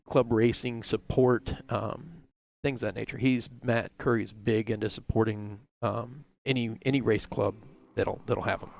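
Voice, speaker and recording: A man's voice: lowish voice, creaky, darkish tone, a little hiss or hum. A middle-aged man telling a rambling story in a casual interview, full of fillers and restarts. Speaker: race team owner, interview guest.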